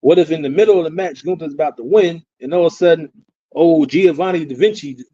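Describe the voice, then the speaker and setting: A man's voice: a little high, quick pace, warm tone, dry recording. A man with a northern US accent co-hosting a podcast, talking in a teasing, playful way. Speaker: podcast co-host. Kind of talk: casual chat. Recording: dry, dull, lo-fi sound.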